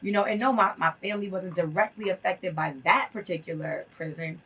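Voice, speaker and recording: A woman's voice: lowish voice, a little fast, sharp tone, slightly rough, far from the mic. A woman guest telling a story in an interview, earnest and impassioned, repeating phrases for emphasis.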